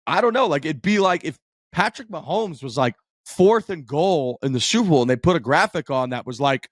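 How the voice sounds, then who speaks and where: A man co-hosting a golf podcast, talking through a big moment in an excited, profane, rambling way. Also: fairly high pitch, brisk, no room sound, clean studio sound. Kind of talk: casual chat.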